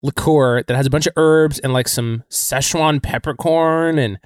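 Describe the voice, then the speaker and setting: A man's voice: fairly high pitch, normal speed, dry recording, studio quality. A man co-hosting a casual podcast over a remote call, chatty and full of asides. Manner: lively, chatty, lots of likes and trailing asides. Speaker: podcast co-host. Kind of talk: casual chat. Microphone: remote call mic.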